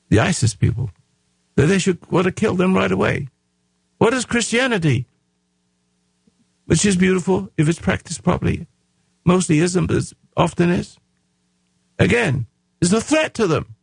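Rough-voiced man preaching on radio. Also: on the high side, no echo. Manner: emphatic, raising his voice, preachy. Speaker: radio talk show host. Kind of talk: radio monologue.

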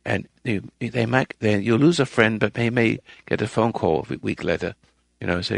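A man hosting a call-in radio advice show who lectures listeners emphatically, rambling with restarts and swinging between a firm, loud voice and a soft, quiet one. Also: on the low side, normal speed, gravelly, no room sound.

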